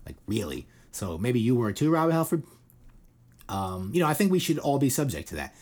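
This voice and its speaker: Very animated and a little fast, this middle-aged man's mid-range voice has a slightly mellow quality. Hosting an informal news chat podcast, he rambles irreverently, swears, and scatters "like" and "you know" throughout.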